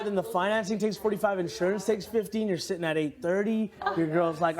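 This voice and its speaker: A man's voice: high voice, steady tone, fast talker, few pauses, a crowd in the background. A man telling a story in casual conversation, swearing freely and acting out the people in it with laughter. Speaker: reality show houseguest.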